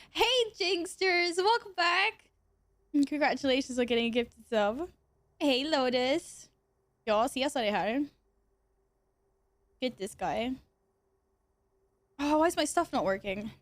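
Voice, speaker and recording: A woman's voice: high-pitched, normal speed, pauses often, no room sound. A woman streamer chatting casually with her viewers, giggly and exasperated, swearing a lot. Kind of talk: casual livestream chat to viewers.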